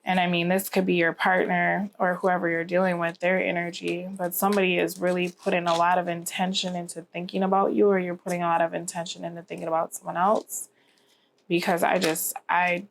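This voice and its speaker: A woman's voice: fairly low pitch, level tone, a little fast, creaky, slight background noise. A tired, yawning woman giving a rambling tarot reading to camera, often asking "okay?". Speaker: tarot reader.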